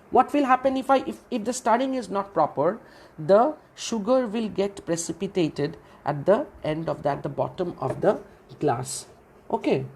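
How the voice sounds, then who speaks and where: A woman's voice: mid-range voice, darkish tone, breathy edge. A woman giving a literature lecture, who asks questions and answers them herself and often repeats phrases. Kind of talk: classroom lecture.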